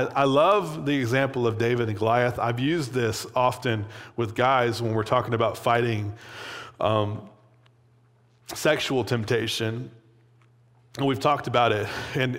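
A man preaching a sermon in a loose, conversational way, often checking in with "right?" and acting out quoted voices. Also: medium pitch. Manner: conversational, animated, frequent "right?" asides. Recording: long hall reverb.

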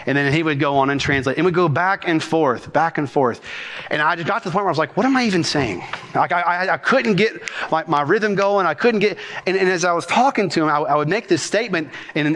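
A man preaching a sermon as pastor, with rhythmic, animated delivery and quick bursts of speech. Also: fairly high pitch, long reverb tail.

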